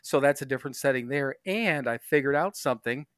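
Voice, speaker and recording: Laughing, swearing podcast host. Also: male voice, mid-range voice, brisk, clear, resonant tone, no echo, studio quality. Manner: excitable, laughs often, swears casually. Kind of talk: casual chat.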